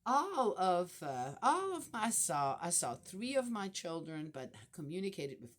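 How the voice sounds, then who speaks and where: Older woman, low and unhurried voice, rambling home vlog with prayers and family news. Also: big pitch swings. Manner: rambling, soft-spoken, many fillers and restarts. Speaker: vlogger. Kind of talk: casual spiritual reflection.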